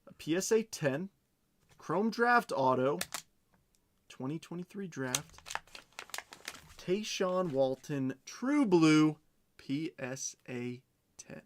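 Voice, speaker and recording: A man hosting a live card-breaking stream, reading off pulls quickly and chatting with his viewers. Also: fairly high pitch, big pitch swings, a little hiss or hum. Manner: rapid rundown of cards, chatting with viewers.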